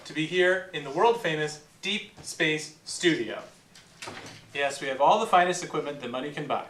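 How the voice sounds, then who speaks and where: A man's voice: on the high side, normal speed, a bit bright, reverberant, recorded from a distance, a little hiss or hum. A man hosting a comedic talk show, jokey and showman-like in a loose, earnest way. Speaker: host.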